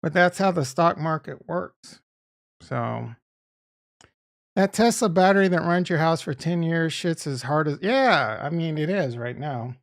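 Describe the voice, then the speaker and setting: A man's voice: on the high side, animated, unhurried. Boston-accented male streamer, loose and profane, reads and rebuts chat. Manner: rambling, profane, talks back to chat. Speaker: crypto streamer reading chat. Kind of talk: casual livestream chat.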